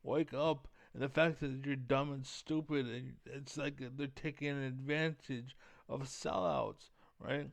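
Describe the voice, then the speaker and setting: A young man rants to his viewers in a heated, rambling way, swearing often and leaning on fillers. His voice sits at an ordinary pitch and is recorded close and dry, with no room sound around it. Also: fairly even intonation, unhurried, creaky, no echo. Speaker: vlogger. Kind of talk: casual rant to camera.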